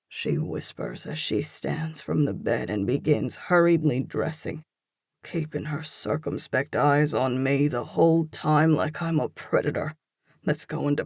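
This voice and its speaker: Romance audiobook narrator: gravelly, unhurried, intense and hushed. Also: medium pitch, dry recording, clean studio sound. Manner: slow, intense, hushed delivery.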